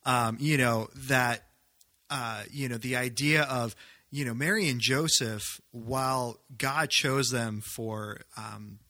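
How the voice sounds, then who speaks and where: Bright-voiced male podcast host. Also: medium pitch, slow. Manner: thoughtful, hesitant with many fillers. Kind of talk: casual discussion.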